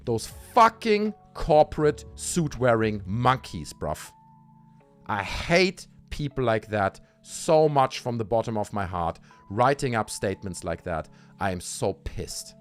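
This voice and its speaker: A man on a livestream, furious and sarcastic, cursing as he goes. His pitch leaps up in mock brightness and then drops to low grumbles. Soft music plays faintly beneath his voice. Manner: sarcastic, profane, frequently dropping into low mutters. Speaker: streamer. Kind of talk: angry livestream rant.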